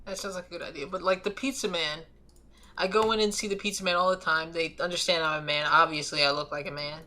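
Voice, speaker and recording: Young man, caller, high light voice, bright tone, earnest, flustered. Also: fairly even intonation, quick pace. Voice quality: high light voice often mistaken for a woman's. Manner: nervous, earnest, easily flustered. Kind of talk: casual call-in chat.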